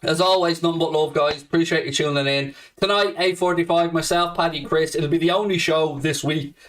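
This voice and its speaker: A brash young Irish man hosting a live fan stream, trading cheeky, swearing banter with viewers. His voice sits a touch high for a man. He is set back a little from the mic. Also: fairly even intonation, brisk, a bit bright, recorded from a distance. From Ireland. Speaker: host. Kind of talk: live-stream chat reading comments.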